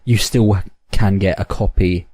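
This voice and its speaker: A man co-hosts a casual gaming podcast with a deep, mellow tone and a dry, close sound. He talks in an easygoing way and giggles often. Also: fairly even intonation, a little slow, husky, no room sound. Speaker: podcast co-host.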